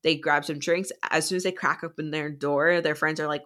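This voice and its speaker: A woman's voice: low-pitched, fairly even intonation, normal speed, few pauses, a bit bright. A woman co-hosting a podcast, casually recapping a book plot in a rambling way full of "like" and "um". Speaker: podcast co-host.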